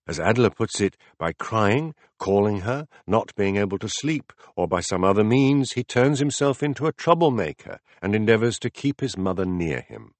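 A calm, patient philosopher, read by a man, lays out his ideas in a measured, deliberate way. His voice sits low, and the audiobook recording is dry and close with no room sound. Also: no echo. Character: calm, patient male teacher explaining ideas. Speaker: philosopher in a dialogue. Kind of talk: audiobook dialogue reading.

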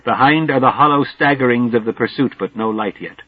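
A man narrating a literary novel as an audiobook in a measured, wry way. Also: medium pitch, no echo. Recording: dull dry studio sound.

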